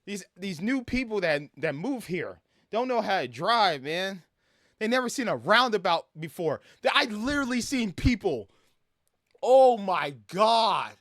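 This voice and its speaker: A man in his thirties from Brooklyn, telling stories in a casual, animated rant with lots of laughter and swearing over gameplay. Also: high-pitched, a little slow, no room sound, studio quality. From Brooklyn, New York. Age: 30s. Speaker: gaming streamer.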